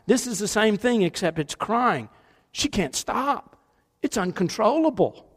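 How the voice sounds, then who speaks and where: A middle-aged man preaching a sermon, animated in his storytelling and shifting between loud and hushed delivery. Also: sits high, measured pace. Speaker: pastor. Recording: long hall reverb.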